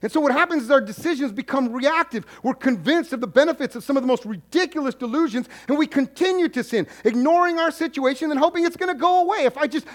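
A man's voice: very high-pitched, lively intonation, quick pace, few pauses. A male pastor preaching a sermon, repeating his points for emphasis and slipping into the voices of the people he counsels. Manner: acts out congregants' voices in quoted asides.

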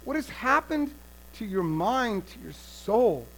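High-voiced, animated male preacher. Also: slow pace, a little hiss or hum, rough recording. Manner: animated, storytelling, swings from loud to hushed. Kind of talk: sermon.

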